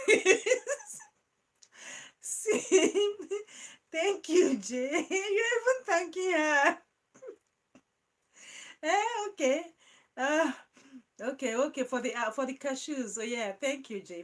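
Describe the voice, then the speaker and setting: A high-pitched woman hosting a live-stream chat reads viewer comments aloud, speaking slowly and playfully. She giggles often, laughs through her words and animatedly addresses viewers by name, in a rough recording.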